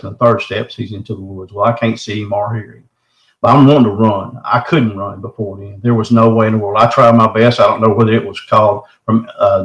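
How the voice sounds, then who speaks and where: A man's voice: on the low side, a bit bright. Earnest middle-aged man, echoey sound. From Texarkana area, southern United States. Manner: earnest, folksy, keeps saying "man". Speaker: caller telling his encounter. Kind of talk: recounting a personal story.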